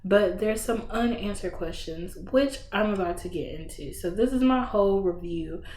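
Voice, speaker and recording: A woman hosting a book podcast, casually retelling a story with slangy, animated bursts and acted-out reactions. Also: medium pitch, normal speed. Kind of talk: casual book review chat. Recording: roomy echo.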